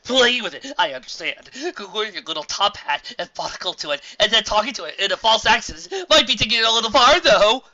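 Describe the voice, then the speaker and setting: A woman's voice: mid-range voice, quick pace, few pauses, sharp tone, pitched above the performer's own voice. A woman voicing a daring adult stallion agent from a storybook, speaking in a wry, sarcastic way. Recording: dull lo-fi home recording.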